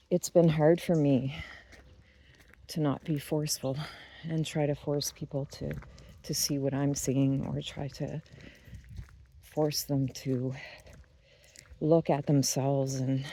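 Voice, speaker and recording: Vlog host on a walk outdoors, very dark mellow tone, flat delivery, reflective spiritual musing. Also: medium pitch. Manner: unhurried, musing, with pauses and restarts. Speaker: YouTube channel host.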